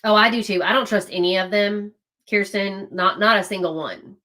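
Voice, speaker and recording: A woman's voice: mid-range voice, moderate pace, bright, forceful tone. A woman hosting a livestream, talking to her viewers in casual political commentary, emphatic and often repeating herself. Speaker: livestream host.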